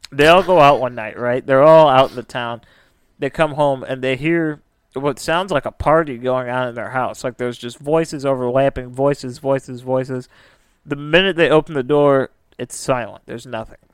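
Podcast host, male, chatty narrator with a resonant voice in a dead-quiet room. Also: medium pitch, moderate pace, clean tone, no echo. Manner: chatty, lots of filler "like". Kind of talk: casual storytelling.

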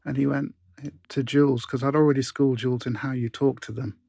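A British man in his sixties, an interview guest telling anecdotes in a relaxed, rambling way. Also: medium pitch, fast talker, vocal fry, no echo, clean studio sound. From Britain. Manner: relaxed anecdotal, restarts and asides. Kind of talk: storytelling in casual interview.

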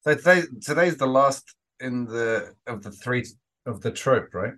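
A man's voice: mid-range voice, animated, a little slow, fairly bright tone. A man co-hosting a casual podcast chat, rambling with frequent restarts and some swearing. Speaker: podcast co-host.

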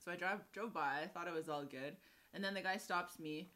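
A woman's voice: lowish voice, a little fast, pushed and bright. Laughing woman telling a cop story. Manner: laughs often, tells stories. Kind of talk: casual chat.

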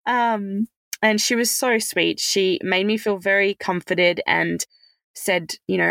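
A woman chats through a personal story as a podcast guest, loose and full of "like" and "um". Her voice has a gravelly, creaky edge. The recording is dry and close. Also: medium pitch, fairly even intonation, takes it slowly, fairly bright tone, no echo. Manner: chatty, many fillers like "like" and "um". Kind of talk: casual conversational storytelling.

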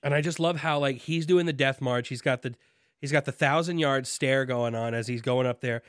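A man co-hosting a casual chat, animated and jokey, acting out quotes from the show. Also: mid-range voice, normal speed, no room sound, studio quality. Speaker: podcast co-host.

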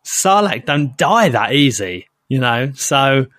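A man's voice: medium pitch, sing-song, takes it slowly, a bit bright, no echo, clean studio sound. A man co-hosting a podcast in laid-back casual chat, repeating himself for emphasis. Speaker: podcast co-host.

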